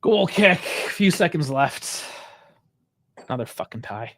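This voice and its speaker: Furious swearing fan commentating live. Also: male voice, fairly high pitch, very animated, slow, pauses often, fairly bright tone. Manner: angry, frustrated, heavy swearing.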